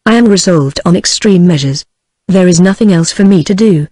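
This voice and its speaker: A woman's voice: fairly low pitch, normal speed, warm tone. A text-to-speech female voice with a British English accent reading the lines of a cold, stiff, middle-aged aristocratic husband in a formal, clipped way.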